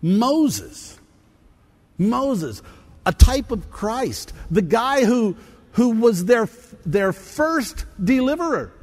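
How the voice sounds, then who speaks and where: A man preaching in a church with a high, lively voice that swoops up and down. He speaks slowly and acts out the lines of scripture. His voice rings through a hall with a long echo. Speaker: pastor. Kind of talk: sermon.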